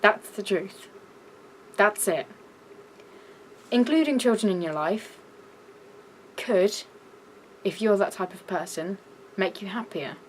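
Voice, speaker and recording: A young woman with a British accent ranting in a vlog, shouty and exasperated. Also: mid-range voice, lively intonation, slow, long pauses, a little hiss or hum, low-quality recording. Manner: shouty, exasperated, breaks into laughs. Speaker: vlogger.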